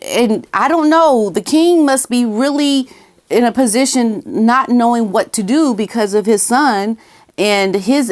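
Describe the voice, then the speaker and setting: A woman giving casual opinion commentary on her vlog, emphatic and repeating her key phrases, sometimes talking aside to someone off camera. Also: mid-range voice. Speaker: commentary vlogger.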